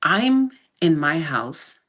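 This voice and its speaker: A middle-aged woman with a strikingly low, dark-toned voice recounts a hard chapter of her life as a podcast guest over a video call. She acts out each person's words as she goes and often restarts her sentences. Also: very slow. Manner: animated retelling that acts out quoted dialogue, with frequent restarts. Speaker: guest, army sergeant. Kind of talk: personal storytelling in a podcast interview.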